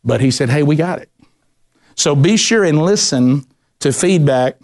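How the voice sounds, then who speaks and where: A middle-aged man preaching a sermon, telling lively personal stories and acting out the voices in them. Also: on the high side, measured pace. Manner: animated storyteller, acts out voices, ranting bursts.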